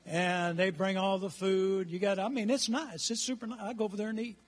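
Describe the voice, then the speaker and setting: A pastor in his sixties, his voice sitting high and steady, preaches a little fast. It's a rousing church sermon in which he invites the congregation to answer him.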